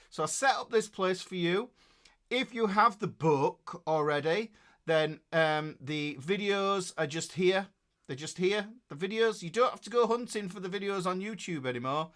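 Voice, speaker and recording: Guy hosting a live guitar class, bright voice, a bit high, chatty and jokey. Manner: chatty, jokey, lots of fillers while reading out names. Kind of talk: casual live-stream chat.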